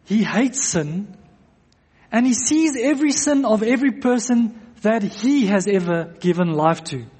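A man's voice: high-pitched, animated, measured pace, a little mellow, husky. A man preaching a sermon to a congregation, earnest, repeating phrases for emphasis. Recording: long echo of a church hall.

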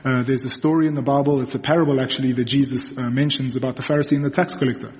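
A young man races through a sermon in a mid-range, darkish voice with fairly even intonation. He preaches like he's telling a story, checking in with listeners often through repeated "okays" and restarts. The sound carries the long reverb of a large hall.

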